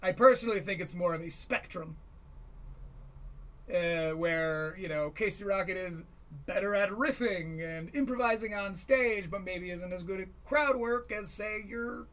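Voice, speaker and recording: Faint harp music plays beneath a young solo podcast host whose high voice is unhurried and fairly bright. He reads aloud and offers rambling, wry riffs on comedy.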